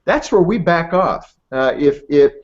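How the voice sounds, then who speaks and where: A man's voice: on the high side, lively intonation. A middle-aged man giving an interview, telling stories earnestly and building his points with emphasis. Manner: earnest, storytelling, emphatic with pauses. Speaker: author and ministry head, interview guest. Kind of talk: conversational interview. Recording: dull lo-fi audio.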